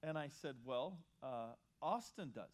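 A man's voice: on the high side, lively intonation, a little slow. A middle-aged man preaching a sermon as pastor, talking casually about his family and then building to emphatic points while leading the congregation in reading scripture aloud. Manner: conversational preaching, rising to emphatic stress, leads congregation in reading.

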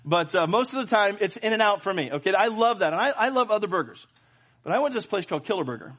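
A middle-aged man preaching, his voice sitting high for a man. He tells a personal story with lots of fillers, restarts and playful asides. He keeps pulling the congregation in with him. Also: very animated, quick pace, a bit bright. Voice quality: plenty of filler and restarts, jokey. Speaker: pastor. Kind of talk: sermon.

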